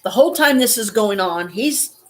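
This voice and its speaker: A woman telling a personal story in a halting, shaken way, holding back tears and swearing now and then. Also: mid-range voice, expressive, a bit bright. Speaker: vlogger.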